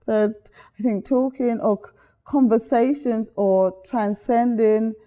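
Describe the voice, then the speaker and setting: A middle-aged woman from Guyana, a guest chatting casually in an interview, telling stories lively and acting out the voices she quotes. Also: on the high side, a little slow.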